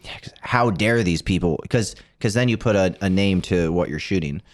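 A man's voice: sits low, normal speed. A man co-hosting a casual podcast, joking and telling things animatedly with frequent laughs. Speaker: podcast co-host. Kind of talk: casual chat.

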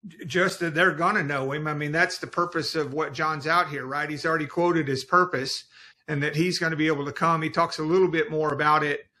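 A man's voice: on the high side, fairly even intonation, brisk, sharp tone. A man who is a guest on a Bible study podcast, explaining passages in an earnest way.

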